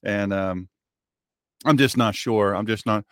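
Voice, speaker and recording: Folksy joking radio host, dry sound. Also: male voice, lowish voice, unhurried, fairly bright tone, no room sound. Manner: folksy, mock-Southern drawl, joking. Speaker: radio show host and pastor. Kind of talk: sarcastic casual radio monologue.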